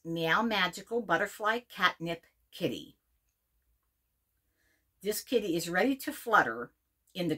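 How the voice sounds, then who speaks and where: A woman's voice: on the low side, sharp tone, breathy edge. A middle-aged woman from Pennsylvania reviewing a subscription box in a casual unboxing video, gushing and repeating her words as she reads labels aloud.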